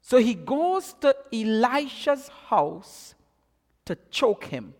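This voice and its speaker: A man preaching a sermon in an animated way, often repeating words as he builds, in an echoey hall. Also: very high-pitched, slow pace, noisy background.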